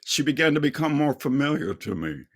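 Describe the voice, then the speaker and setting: A man's voice: fairly high pitch, sing-song, a bit bright. An older man, a singer, telling a heartfelt personal testimony in an earnest storytelling manner. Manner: slow, earnest storytelling with quoted dialogue. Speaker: singer and speaker.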